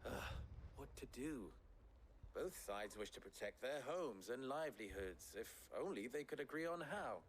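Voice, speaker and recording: A man voicing a thoughtful, lively-toned innkeeper. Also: medium pitch, moderate pace, slight background noise, lightly acted. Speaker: game character.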